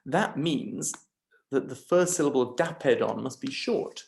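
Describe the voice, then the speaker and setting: A man gives a lesson at a slow, unhurried pace. He works through each step patiently, drawing out single syllables as he goes. His pitch sits in an ordinary middle range. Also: expressive, gravelly, a little mellow. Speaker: teacher. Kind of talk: lecture on scanning Greek verse.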